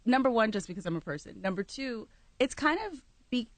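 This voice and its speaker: A woman's voice: on the high side, animated, brisk, no room sound. A woman guest in a casual studio interview, candid and reflective, who laughs easily. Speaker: guest, singer and actress.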